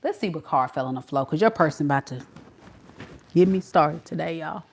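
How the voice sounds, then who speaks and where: A woman's voice: deep voice, lively intonation, brisk, a little hiss or hum. A woman doing a tarot reading for her viewers, sassy and playful, talking straight to them with slang. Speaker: tarot reader.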